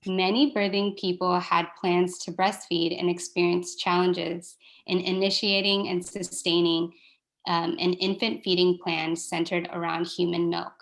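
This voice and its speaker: A woman reading a prepared research presentation in a steady, measured way. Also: fairly low pitch, gravelly.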